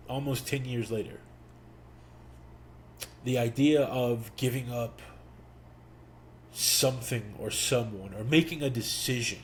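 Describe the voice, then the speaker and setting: A young man hosting a podcast, telling a personal story slowly and reflectively, with pauses. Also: mid-range voice, a little hiss or hum. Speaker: podcast host. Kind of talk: storytelling monologue.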